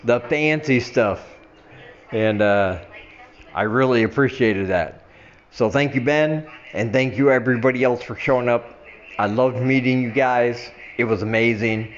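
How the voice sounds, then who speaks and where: A man's voice: measured pace, lo-fi sound. An older man chatting casually to his viewers in a vlog, laughing at himself and slurring his words a little after some wine. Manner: chatty, laughs at himself, drifts into a low mumble at the ends of phrases. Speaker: vlogger. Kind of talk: casual chat to camera.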